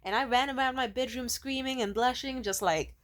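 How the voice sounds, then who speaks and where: A woman in her twenties telling personal stories casually to the camera, swinging from loud excitement to soft, low asides and swearing freely. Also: a little fast. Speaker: vlogger.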